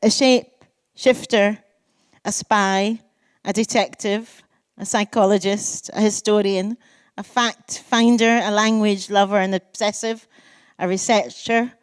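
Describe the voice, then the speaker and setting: A Scottish woman in her sixties, a poet giving a public lecture, telling lively, self-mocking stories and savouring lists. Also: medium pitch, clear, resonant tone, no room sound. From Scotland. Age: 60s. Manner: lively storytelling, self-mocking asides, lists delivered with relish. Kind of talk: public lecture with anecdotes and readings.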